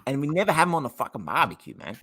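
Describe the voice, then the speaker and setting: A young Australian man with an Australian accent, chatting casually on a podcast, rambling, excitable and swearing a lot. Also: medium pitch, racing, husky. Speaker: podcast co-host. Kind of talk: casual chat.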